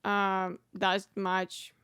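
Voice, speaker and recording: Female co-host, smooth clear voice, mid-pitched, relaxed and tentative, dry sound. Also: very slow, no room sound. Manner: relaxed, hesitant, lots of backchannel agreement. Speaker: podcast co-host. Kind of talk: casual film review chat.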